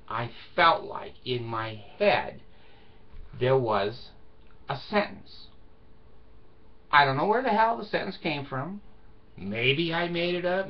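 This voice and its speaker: A man's voice: on the high side, muffled recording. An older man telling a personal story in a casual vlog monologue, blunt and emphatic, with frequent swearing. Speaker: vlogger.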